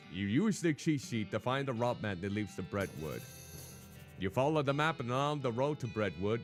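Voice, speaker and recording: A man streaming a game, reading its text aloud theatrically and making joking asides. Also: mid-range voice.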